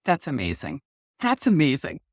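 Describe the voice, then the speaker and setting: A woman, a guest author chatting in an interview, excitable and quick to laugh. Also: low voice, dry recording, studio quality. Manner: bubbly, laughs often, excitable. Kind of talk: casual interview chat.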